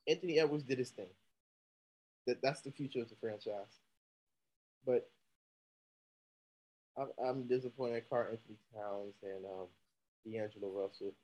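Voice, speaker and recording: A man's voice: medium pitch, normal speed, long pauses, darkish tone, rough recording. A man co-hosting a sports talk show, chatting casually and laughing easily, at times stumbling over names. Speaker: podcast co-host.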